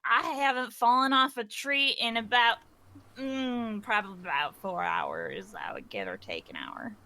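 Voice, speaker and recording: A woman's voice: fairly high pitch, very animated, measured pace, bright, forceful tone, exaggerated voice. A woman voicing a cheerful, childlike young woman in a tabletop game, chirpy, giggly and eager to please. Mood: reassuring.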